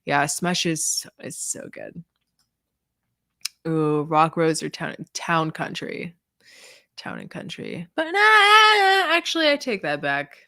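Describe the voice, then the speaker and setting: A woman's voice: low voice, expressive, slow pace, creaky, long pauses, fairly bright tone, dry recording, clean studio sound. A woman hosting a casual livestream Q&A, answering viewers in a chatty, rambling way full of "like" and "um". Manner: chatty, filler-heavy, lots of "like" and "um". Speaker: fragrance reviewer hosting a livestream.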